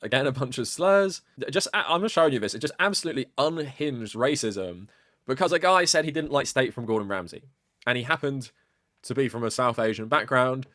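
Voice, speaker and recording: A man's voice: mid-range voice, animated, brisk, fairly bright tone, dry recording, studio quality. A man giving casual video-essay commentary, talking conversationally with frequent fillers and rising stress on key points.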